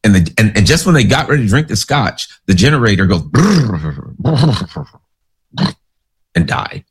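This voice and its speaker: A man's voice: on the low side, very animated, fairly quick, husky. A man giving casual, sarcastic political commentary, rambling through stories and asides.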